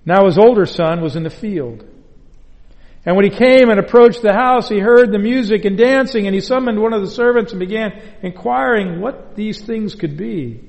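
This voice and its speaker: A man preaching a sermon as pastor, earnest and deliberate, stressing his points through repetition. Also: high-pitched, creaky, darkish tone. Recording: long hall reverb.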